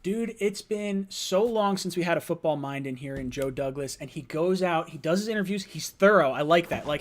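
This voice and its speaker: A young man with a notably high voice hosts a live fan show from his home late at night. He rambles on in an excitable, run-on way, laughing as he goes. His delivery is loose and hyped. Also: normal speed, few pauses. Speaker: livestream host.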